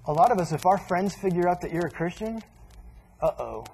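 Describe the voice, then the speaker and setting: Casual, animated male preacher. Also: sits high, quick pace, husky, poor audio. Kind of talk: sermon.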